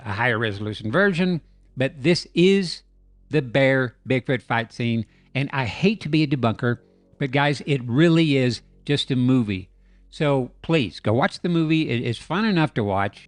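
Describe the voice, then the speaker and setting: Speaking in a mid-range voice at a moderate pace, this man hosts a comedic YouTube breakdown, recounting the scene as a lighthearted, joking tale with lively intonation. It's recorded as a dry, echo-free voice-over over faint music.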